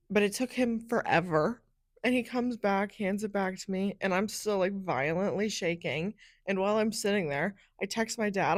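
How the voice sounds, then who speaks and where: A young woman hosting a podcast, telling a personal story in a chatty, animated way, often saying "like", on a close microphone. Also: medium pitch, dry recording. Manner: animated, chatty, heavy use of "like". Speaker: podcast host.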